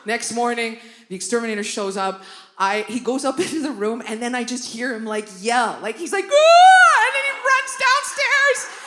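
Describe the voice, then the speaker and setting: A middle-aged woman performing a stand-up comedy set on a theatre stage, telling stories with sudden loud, high-pitched outbursts. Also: fairly quick, echoey room, a crowd in the background. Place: theatre stage before a live audience.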